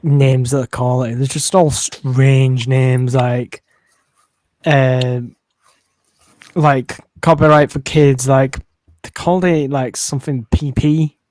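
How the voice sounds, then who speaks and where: A man's voice: medium pitch, little pitch movement, takes it slowly, darkish tone, no room sound. Rambling man chatting on a stream. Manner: rambling, hesitant with many fillers. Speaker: live streamer. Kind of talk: casual chat.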